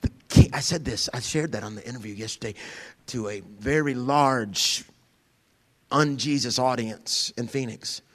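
A middle-aged man preaching a sermon in a church, animated and humorous, jumping from shouts to hushed whispers and acting out voices. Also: medium pitch, measured pace, in a large hall. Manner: acts out quoted voices with humor. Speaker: pastor. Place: church sanctuary.

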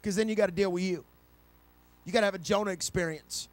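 High-voiced passionate man preaching. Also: fairly even intonation, fast talker, no echo. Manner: storytelling preacher, builds to loud passionate climax. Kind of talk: sermon.

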